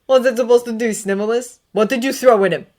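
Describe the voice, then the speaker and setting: A woman's voice: a little high, fast talker, darkish tone, pitched above the performer's own voice, natural voice. A woman voicing a swaggering teenage wizard who jeers and scorns another boy, in a read-aloud fan story. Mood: jeering. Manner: jeering, scornful.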